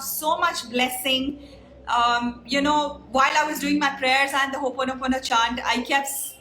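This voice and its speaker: Woman, high bright voice, earnest coach talking to camera, frequent ums, echoey room. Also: slight background noise. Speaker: life coach. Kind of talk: casual talk to camera, teaching a method. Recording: roomy echo.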